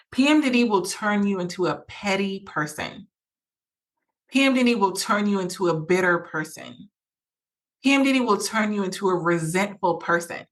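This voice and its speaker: A woman's mid-range, slightly bright voice carries her personal advice podcast. As host, she speaks earnestly and with emphasis, often circling back to the same phrases and performing the thoughts she quotes.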